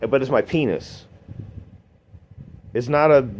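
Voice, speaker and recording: A man telling a long comic story in a deadpan, rambling way, swearing often. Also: moderate pace. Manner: deadpan, rambling, swears a lot, voices others in a raised pitch. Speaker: storytelling comedian. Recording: dull lo-fi recording with faint noise.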